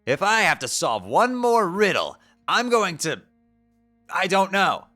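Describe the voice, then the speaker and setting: A man voicing an angry young male troll who rants loudly and sounds exasperated. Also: high-pitched, big pitch swings, unhurried, soft background music, pitched above the performer's own voice, exaggerated voice. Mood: ranting. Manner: ranting, loud and exasperated.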